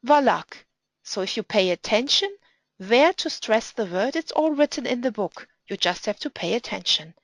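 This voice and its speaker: A woman's voice: fairly high pitch, lively intonation, dry recording, rough recording. Woman teaching Hebrew pronunciation, dry sound. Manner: patient, deliberate, reads Hebrew aloud slowly. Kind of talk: instructional explanation with reading examples.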